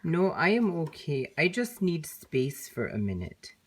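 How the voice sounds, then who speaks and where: A woman voicing a gentle, patient female unicorn who hosts a kids show and teaches in a slow, soothing way. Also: low-pitched, sing-song, background noise. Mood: calm. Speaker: host.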